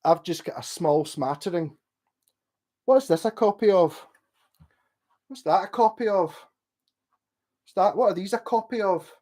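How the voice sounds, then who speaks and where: A man's voice: sits high, measured pace, long pauses, darkish tone. A drunk man with a Scottish accent, hosting a casual late-night livestream, rambling and swearing as he rants to viewers. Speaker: livestream host.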